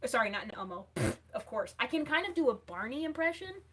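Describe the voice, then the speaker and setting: Chatty woman streamer, bright voice. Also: fairly high pitch, sing-song, fast talker, slightly rough. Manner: reads viewer comments aloud and replies. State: losing her voice. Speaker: livestream host. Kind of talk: casual livestream chat.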